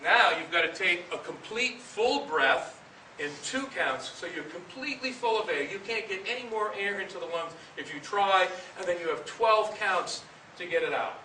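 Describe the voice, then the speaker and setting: A high-voiced man directs a band's breathing warm-up, explaining, then calling out counts firmly. He sounds distant from the mic in a big echoey rehearsal room, with hiss underneath. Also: lively intonation, moderate pace. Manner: calls counts loudly and firmly, explains between sets. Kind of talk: instructional coaching with counted exercises. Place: large rehearsal room with a band.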